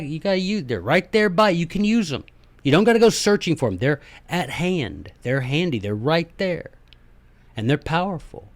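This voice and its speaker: A man hosting a podcast, giving a casual, animated lecture on history and politics and slipping into little skits. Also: fairly high pitch, dry recording. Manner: animated, folksy, acts out little skits in voices. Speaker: podcast host.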